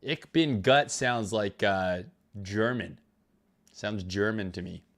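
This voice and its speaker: Fairly low in pitch, slow, and a bit bright, this man's voice carries a loose, profane crypto trading livestream. He's recovering from illness and greets viewers by reading out names from the chat.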